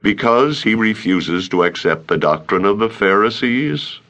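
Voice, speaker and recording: A man voicing a calm, dignified older male councilman in an audiobook, speaking deliberately. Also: lowish voice.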